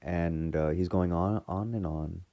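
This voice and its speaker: A man's voice: low-pitched, steady tone, unhurried, no echo, lo-fi sound. A man casually recapping a TV episode in a rambling way, full of fillers and restarts. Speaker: fan reviewer retelling a TV episode.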